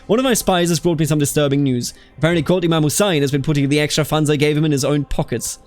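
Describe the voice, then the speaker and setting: This fast-talking Bavarian man, whose voice is a little high, narrates events from a strategy game he's playing for a let's play, with soft music underneath. His casual chatter is animated and punctuated by exasperated outbursts, and he keeps calling people "dude."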